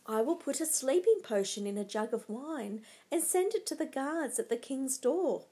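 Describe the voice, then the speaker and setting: A woman's voice: sits high, animated, moderate pace, dark tone, breathy edge. Woman reading as a scheming, ruthless noblewoman. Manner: commanding, coaxing and scornful.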